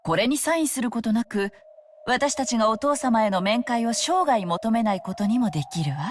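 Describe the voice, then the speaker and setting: A woman's voice: on the high side, animated, racing, slight background noise, close to an everyday voice. A woman voicing a sickly-sweet scheming aunt. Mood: sweetly cutting. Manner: sickeningly sweet, cutting. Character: scheming middle-aged woman, sharp-tongued elder sister. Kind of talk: voiced visual novel dialogue.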